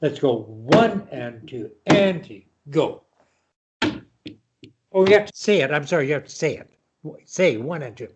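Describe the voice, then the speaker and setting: A man's voice: on the high side, expressive, a little slow, pauses often, noisy background. An older man giving a patient online piano lesson, explaining rhythm and counting aloud. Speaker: piano teacher.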